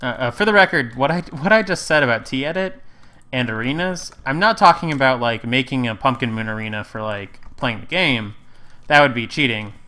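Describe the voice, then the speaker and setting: A man's voice: medium pitch, animated, moderate pace, bright, forceful tone. A man casually commentating his gameplay, rambling and correcting himself with wry asides. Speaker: let's play host.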